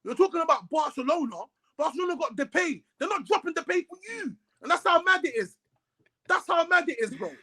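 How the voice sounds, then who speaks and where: A man's voice: very high-pitched, fairly quick, low-quality recording. A man ranting about football in a heated casual chat, repeating himself as he vents. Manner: animated, ranting, repeats words, London slang. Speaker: co-host.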